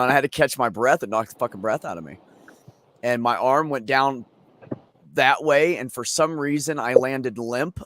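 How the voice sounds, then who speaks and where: A man's voice: medium pitch, a bit bright. A man hosting a casual chat, telling a long story in a rambling, profane way. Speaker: streamer host.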